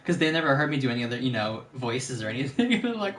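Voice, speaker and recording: Man chatting while gaming, lively swooping pitch, laughs a lot, roomy echo, faint background noise. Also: fast talker, few pauses. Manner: laughs often, jumps into silly voices. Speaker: streamer. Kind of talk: casual chat while gaming. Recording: roomy echoey room.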